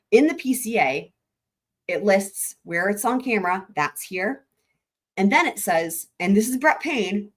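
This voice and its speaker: Hosting a live stream, this woman rambles through maps while thinking aloud, peppering her talk with "like," profanity and frequent restarts. Her voice sits at medium pitch with a fairly bright tone.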